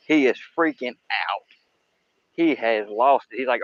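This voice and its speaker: On a riverbank by the woods at night, a man hosts a fishing livestream in an unhurried, medium-pitched voice, rambling folksily in casual chat with viewers. His camera-mounted mic near the water gives a lo-fi sound with no room sound.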